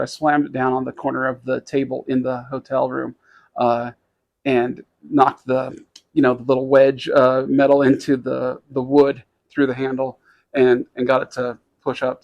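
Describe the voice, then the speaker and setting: A man's voice: medium pitch, creaky. A man co-hosting a podcast, telling a story in casual chat, rambling with many restarts and fillers. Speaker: podcast co-host.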